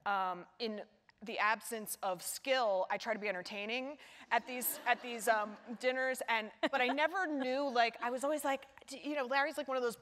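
Animated woman telling stories onstage. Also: fairly high pitch, normal speed. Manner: animated storyteller who acts out other people's voices. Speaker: author and guest. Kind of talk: live onstage conversation. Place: large hall before a live audience. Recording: hall reverb.

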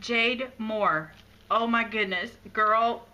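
A woman's voice: medium pitch, steady tone, moderate pace, bright, forceful tone, lo-fi sound. A tearful woman opening a gift box on camera, gushing in awe and often dropping to a near whisper. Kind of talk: casual unboxing chat. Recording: noisy room background.

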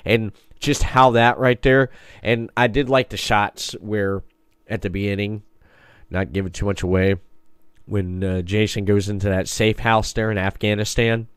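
A man's voice: lowish voice, flat delivery, moderate pace, smooth, no room sound, studio quality. A man hosting a podcast interview, enthusiastic and rambling, with lots of restarts. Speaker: podcast host. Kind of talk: casual interview chat.

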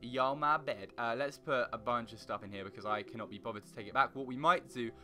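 A goofy young gaming YouTuber with a bright voice rambles quickly through casual Minecraft let's play commentary. He often launches into loud, high singing and silly noises, with faint guitar music behind him.

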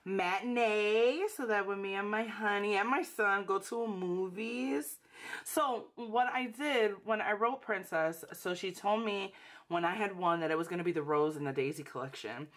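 A woman's voice: medium pitch, fairly bright tone. A young woman hosting a casual unboxing vlog, gushing and emotional, calling her viewers sis and y'all. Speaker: budgeting channel host.

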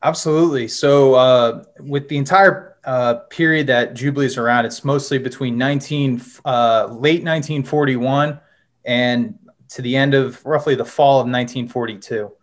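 A young adult man, an author and former Marine, talks about his novel at normal speed in a relaxed, casual way full of "uh" fillers. His pitch is ordinary for a man, and he also reads his prose aloud in steady narration, mixing interview answers with readings.

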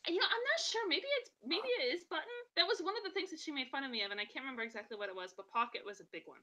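A woman's voice: high voice, expressive, very fast, bright, forceful tone. Woman host from New York, blended New York and West Coast accent. Chatty and self-deprecating. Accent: mixed New York, West Coast. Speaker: podcast host. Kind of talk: casual podcast chat.

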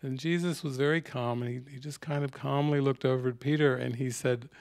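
A man's voice: mid-range voice, steady tone, brisk, creaky, darkish tone. A man teaching a spiritual retreat, telling stories and reflecting in a sermon-like talk. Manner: storytelling, reflective, quotes scenes.

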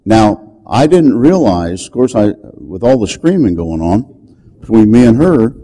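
An older man preaching, telling a story dramatically and shouting the commands he quotes. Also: on the low side, very animated, unhurried, poor audio. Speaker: deliverance preacher. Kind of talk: storytelling sermon.

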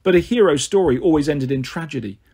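A man reading an audiobook aloud as a first-person narrator, steady storytelling. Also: fairly high pitch, quick pace, husky. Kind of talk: scripted narration.

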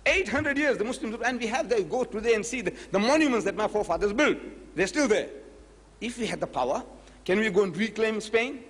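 Animated husky lecturer. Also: male voice, sits high, brisk. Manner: animated storyteller, acts out both sides of the dialogue. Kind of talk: public lecture with retold debate. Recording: echoey lecture hall recording.

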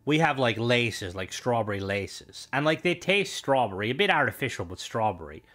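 A man's voice: mid-range voice, sing-song, moderate pace, a bit bright. A young Irish man chatting casually with viewers while streaming a game, rambling from one thought to the next. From Ireland.

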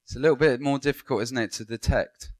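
Male lecturer, mid pitch, interactive classroom delivery. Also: fast talker, darkish tone. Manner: engaging, asks the class questions and praises answers. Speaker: Bible school lecturer. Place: lecture room with students.

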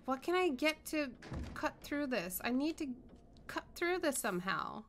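A woman's voice: high-pitched, sing-song, a little slow, a little hiss or hum. A young woman doing horror game commentary, scared and swearing as she talks herself through it. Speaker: gaming streamer.

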